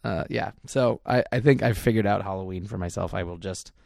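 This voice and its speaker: A man's voice: on the low side, brisk, vocal fry, darkish tone, no echo, clean studio sound. A man in casual chat, rambling enthusiastically and acting out his own thoughts as quotes.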